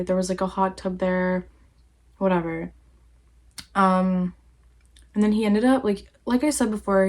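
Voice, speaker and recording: A woman's voice: mid-range voice, darkish tone. Young woman vlogging, says like constantly, swears a lot, chatty storytime. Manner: rambling, heavy use of "like", swears freely. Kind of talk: casual storytime monologue.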